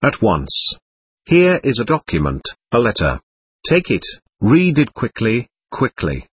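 Hysterical young woman, read by a man; urgent, pleading, husky. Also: mid-range voice, wildly swooping pitch, a little slow, full character voice. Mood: frantic.

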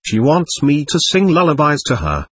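A man reading an irritable, contemptuous young man in a storybook, with a husky, lively voice. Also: on the high side, normal speed, dry recording, heavily acted. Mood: bitter.

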